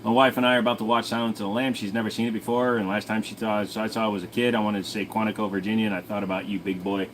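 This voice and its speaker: A man's voice: on the low side, little pitch movement, very fast, few pauses, noisy background. A man hosting his own channel, answering viewer questions in a rambling, crude, joking way. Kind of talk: casual livestream Q&A chat.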